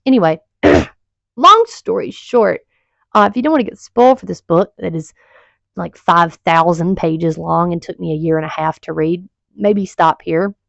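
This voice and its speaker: Gravelly-voiced woman ranting about books. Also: lowish voice, dry recording. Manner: rambling, exasperated, swears freely. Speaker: book reviewer. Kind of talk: casual book review vlog. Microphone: home video mic. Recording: dull lo-fi home mic.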